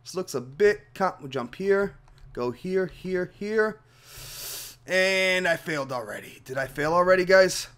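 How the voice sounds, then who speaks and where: A man hosting a Minecraft let's play, shouting and yelping at the falls, then muttering to himself as he works out each puzzle and talks to viewers. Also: sits high, measured pace, clear, resonant tone. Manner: excitable, yelps and shouts at falls, then mutters while thinking. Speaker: gaming channel host.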